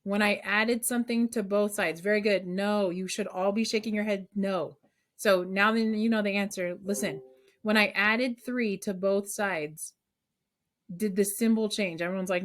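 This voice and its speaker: A woman's voice: medium pitch, normal speed. A woman math teacher leading an online class over a video call, coaxing students with call-and-response questions.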